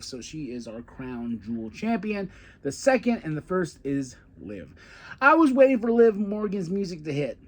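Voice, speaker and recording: A man's voice: a little high, normal speed. A man hosting a podcast, chatting casually through a wrestling recap and acting out quotes. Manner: chatty, fan-like, quotes wrestlers in animated bursts. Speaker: podcast host.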